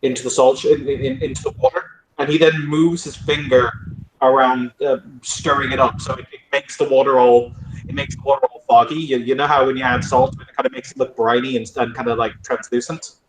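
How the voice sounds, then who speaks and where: A man's voice: mid-range voice, fairly even intonation, brisk, noisy background. A man playing a tabletop role-play game, explaining his actions in a rambling, restarting way. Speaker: player. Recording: echoey room.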